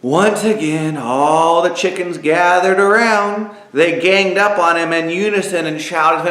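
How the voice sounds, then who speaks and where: A man narrating an inspirational story aloud, dramatic and lively, with spoken sound effects. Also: high-pitched, a little slow, few pauses. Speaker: author and narrator. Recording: echoey room.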